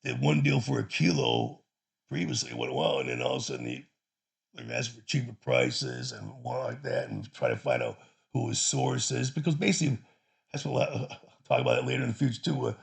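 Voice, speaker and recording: A man's voice: medium pitch, sing-song, a little fast, vocal fry, slightly rough. A man from Chicago casually telling a personal story, rambling and profane with many restarts. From Chicago, USA.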